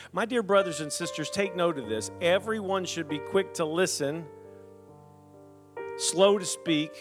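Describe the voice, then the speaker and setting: A man pastor preaching a sermon, reading scripture aloud with lively humorous asides to the congregation. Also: fairly high pitch.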